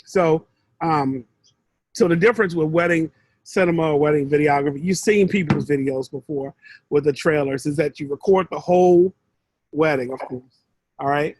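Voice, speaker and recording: A man's voice: a little high, brisk, a little mellow, poor audio. A man mentoring one student in a casual, rambling way over a video call, often restarting his sentences. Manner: rambling, conversational, with frequent restarts.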